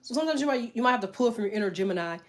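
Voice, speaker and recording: Rapid-fire and lively, a middle-aged woman with a fairly high voice hosts a tarot livestream, talking straight to viewers in a blunt, profane, emphatic manner. She's the tarot reader running the stream.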